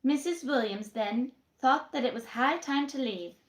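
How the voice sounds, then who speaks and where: A woman reading a classic novel aloud in a measured way, in a roomy space. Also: high-pitched. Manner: measured reading with acted voices. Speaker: storyteller. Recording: roomy echo.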